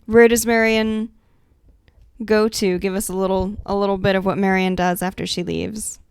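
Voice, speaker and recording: A woman's voice: mid-range voice, flat delivery, moderate pace, creaky, clean tone, dry recording, studio quality. A woman narrating as game master of a tabletop game, speaking hesitantly with many fillers. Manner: hesitant, lots of fillers and restarts.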